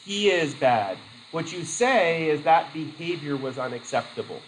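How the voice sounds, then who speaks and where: Man, teacher, classroom lecture, fairly high voice, faint background noise. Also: a little slow, low-quality recording. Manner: lively, acts out quoted voices, laughs easily.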